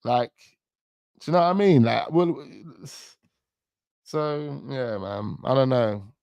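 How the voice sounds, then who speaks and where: A man's voice: mid-range voice, expressive, slow pace, darkish tone, smooth, no room sound, highs cut off. A man hosting a football channel, talking in a rambling, slangy way with chuckling asides. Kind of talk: casual live-stream chat.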